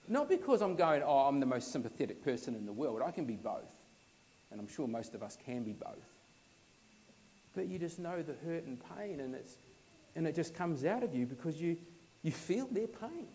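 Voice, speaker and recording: New Zealand preacher, lo-fi sound. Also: male voice, on the high side, slight background noise. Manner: conversational, anecdotal, emphatic swells then soft. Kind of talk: sermon.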